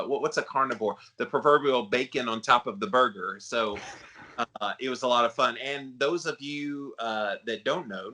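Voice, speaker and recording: A man with a baritone voice hosting a podcast interview, chatty and rambling. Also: bright, forceful tone. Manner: chatty, rambling, with frequent fillers. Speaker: podcast host.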